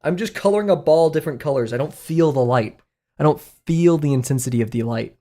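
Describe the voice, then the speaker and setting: On the high side and fairly quick, with a dark tone, this young man's voice carries a Southern US accent. He's an art streamer thinking aloud as he draws in a laid-back live stream, rambling self-deprecatingly and chuckling a lot.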